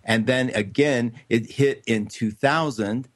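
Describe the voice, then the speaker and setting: A man's voice: mid-range voice, slow. A man hosting a casual talk show chat, effusive and rambling, often laughing. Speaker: host.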